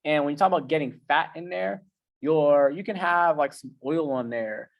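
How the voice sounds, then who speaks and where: A man's voice: a little high, moderate pace, creaky, highs cut off. A man who is a coach giving a casual, conversational talk in slangy everyday language. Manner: conversational and slangy, with many fillers. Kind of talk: casual presentation.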